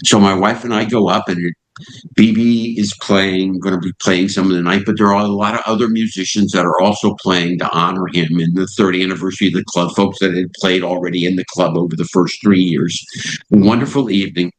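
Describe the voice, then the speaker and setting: Speaking a little fast in a low voice, an older satellite radio host appears as an interview guest. He livens up an anecdote by acting out the voices of its characters, and the recording is rough.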